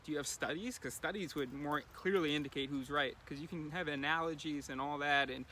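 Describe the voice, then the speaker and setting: Male vlogger, casual musing delivery, bright tone, light street noise. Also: on the high side, a little fast. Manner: rambling, thinking aloud with many fillers. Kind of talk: casual daily video diary.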